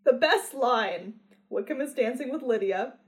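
A woman in casual conversation, working through her notes and recounting scenes in a steady way. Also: a little high, unhurried. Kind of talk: casual chat.

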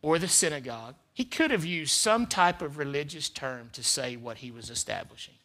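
Bright-voiced male pastor preaching. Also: on the high side, expressive, normal speed. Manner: preaching with swings from loud emphatic peaks to quiet asides; repeats phrases for emphasis. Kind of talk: sermon. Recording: live church service.

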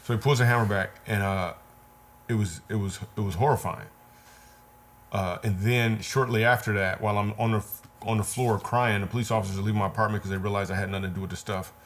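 A man with a fairly low voice tells a personal story in an interview. He talks in an earnest way, repeats words for weight and retells scenes vividly. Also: steady tone, fast, slight background noise. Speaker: comedian guest. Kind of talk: conversational storytelling.

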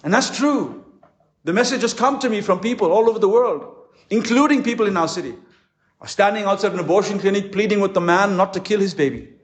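A man preaching a conference sermon as a pastor, impassioned, with dramatic pauses. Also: sits high. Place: conference hall. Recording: echoey hall.

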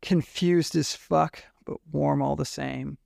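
A man's voice: a little high, steady tone, slow pace, gravelly, darkish tone, no echo, studio quality. A man reading a first-person romance story aloud in a candid, emotional way. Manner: emotional, candid narration with swearing. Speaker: fiction reader.

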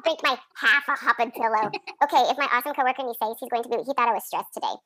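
A chatty woman in her thirties with a high voice, recapping a sitcom with a friend. The sound is dry and close. She laughs often and acts out the lines she quotes. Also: very fast, sharp tone, dry recording. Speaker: podcast co-host. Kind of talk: casual chat recapping a sitcom episode.

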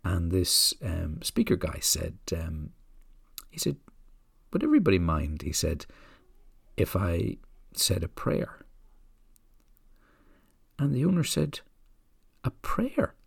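A man hosting a podcast, telling a story in a gentle, unhurried, reflective way. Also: low voice, wildly swooping pitch, creaky, husky, dry recording, clean studio sound. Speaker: podcast host.

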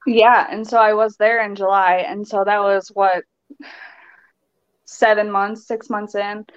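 A woman being interviewed as a guest, telling her story in an animated, chatty way and laughing often. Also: medium pitch, a little slow, clear, resonant tone. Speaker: nurse and guest. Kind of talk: casual interview chat. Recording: dull, dry recording.

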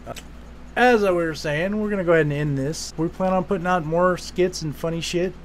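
A man's voice: a little high, a little fast, slight background noise. A man hosting a podcast, talking in a rambling, casual way with swearing and restarts. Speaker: podcast host.

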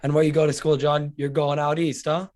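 A man's voice: fairly high pitch, little pitch movement, a little fast, darkish tone, dry recording, clean studio sound. A man co-hosting a casual sports podcast, laid-back and supportive, often chiming in with short agreements. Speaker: podcast co-host.

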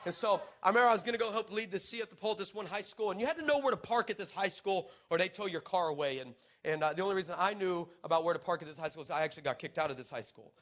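A male preacher with a fairly high voice tells a lively, comic story in church. He's animated and playful, teasing the congregation, and his energy rises and falls throughout.

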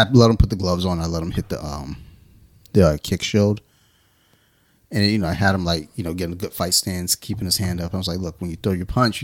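A man's voice: low voice, fairly bright tone, breathy edge. A man co-hosting a beer podcast, telling stories in casual profane chat and acting out quoted lines. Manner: profane, storytelling with mimicked quotes. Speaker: podcast co-host. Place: home studio.

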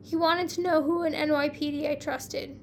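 A woman's voice: high-pitched, fairly even intonation, moderate pace, gravelly, slight background noise. Woman reading as a tired female detective. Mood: weary.

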